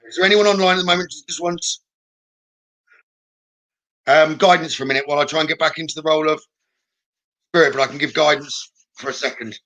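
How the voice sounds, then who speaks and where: A man giving a live psychic reading, gentle and reassuring, often checking in with "okay?" and pausing with "um". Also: on the high side, rough recording. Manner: hesitant, with many "um" pauses. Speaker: psychic medium.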